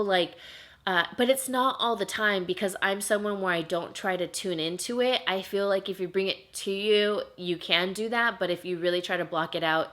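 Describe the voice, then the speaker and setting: A woman's voice: medium pitch, fairly bright tone. Chatty young woman telling a ghost story. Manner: chatty, emotional, heavy use of "like". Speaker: vlogger. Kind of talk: casual storytime vlog.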